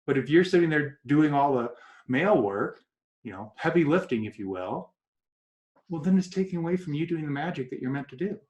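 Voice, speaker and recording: Man, guest coach, lively storyteller who acts out quotes; slightly raised pitch, roomy echo. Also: brisk, highs cut off. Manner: animated storyteller acting out quoted voices. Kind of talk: casual interview talk. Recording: echoey room.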